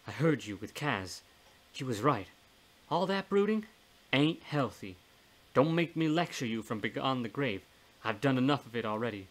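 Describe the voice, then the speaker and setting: A man's voice: mid-range voice, animated, moderate pace, close to an everyday voice. A man voicing a blunt, folksy older woman's ghost in a storybook reading, with a plain-spoken, scolding manner.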